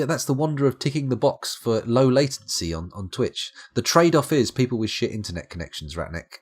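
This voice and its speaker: A man's voice: lowish voice, husky. A tired young man, rambling and self-mocking as he chats to viewers on a late-night game stream.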